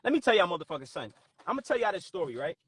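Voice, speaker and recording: A man hosting a talk stream with callers, speaking in a profane, forceful, preachy way. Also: high voice, sing-song, rapid-fire, husky, no room sound. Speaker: host.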